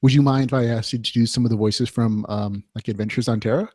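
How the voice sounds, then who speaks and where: A man's voice: medium pitch, steady tone, quick pace, darkish tone, dry recording, clean studio sound. A man hosting a podcast interview, talking casually and a little hesitantly. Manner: hesitant, casual, with fillers and restarts. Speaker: podcast host.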